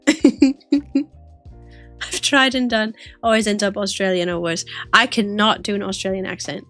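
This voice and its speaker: A woman's voice: medium pitch, measured pace, long pauses, a bit bright, soft background music. A woman streamer chatting casually with her viewers while drawing, giggly and teasing. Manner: giggly, playful, teasing banter.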